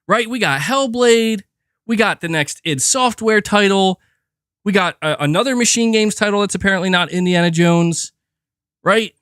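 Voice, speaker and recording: A man's voice: high voice, fairly bright tone, no room sound, studio quality. A young man ranting profanely and with exasperation while commenting on gaming news on a livestream, often repeating himself.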